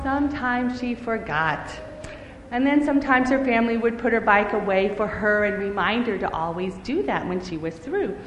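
A woman telling a children's story in a lively, expressive way. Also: a little high, a little hiss or hum. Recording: echoey hall with faint ambience.

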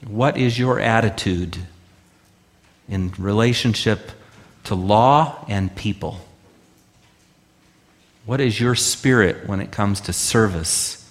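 A man preaching a sermon as pastor, emphatic, full of rhetorical questions and slow, drawn-out phrases. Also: lowish voice.

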